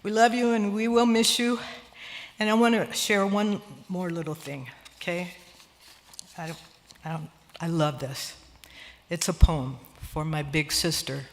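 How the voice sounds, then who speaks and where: A woman's voice: fairly low pitch, fairly even intonation, unhurried, a little hiss or hum. An older woman speaking at her sister's memorial, emotional and laughing through tears as she shares memories and reads a poem. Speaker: sister of the deceased giving a eulogy. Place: church sanctuary. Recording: long church-hall reverb.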